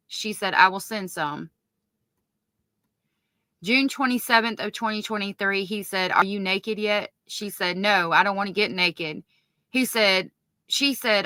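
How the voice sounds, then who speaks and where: A woman commenting on a livestream. She reads text messages aloud in a hushed voice, corrects herself often, and breaks off to curse in disbelief. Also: mid-range voice, no echo. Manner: stops to correct herself mid-read. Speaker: true-crime commentator. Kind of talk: livestream commentary reading court evidence.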